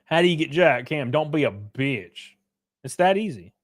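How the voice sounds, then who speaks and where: A young man casually chatting on a livestream while reading chat. He is loose and profane, uses lots of fillers and suddenly jumps way up in pitch for jokes. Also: moderate pace. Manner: animated, pitch jumps up sharply on bits.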